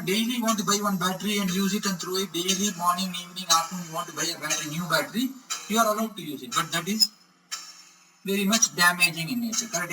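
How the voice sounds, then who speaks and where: A man's voice: high-pitched, recorded from a distance, low-quality recording. A man teaching an electronics lesson, explaining step by step and often checking with the class. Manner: repeats "correct?" to check understanding. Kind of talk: explanatory lecture.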